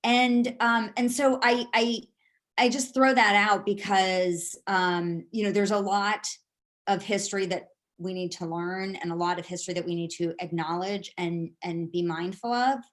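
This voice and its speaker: A woman's voice: medium pitch, fairly even intonation, a little slow. Middle-aged woman, rambling with many fillers. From San Francisco, USA. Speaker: board candidate. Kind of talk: casual answers in a video meeting.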